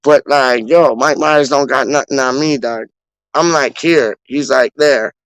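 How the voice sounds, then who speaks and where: A man's voice: mid-range voice, measured pace, a bit bright, dry recording, rough recording. A man from Canada hosting a casual livestream, reading chat aloud and riffing in repetitive street slang. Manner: slangy, repetitive riffing, calls people dog. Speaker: fan channel host reading live chat.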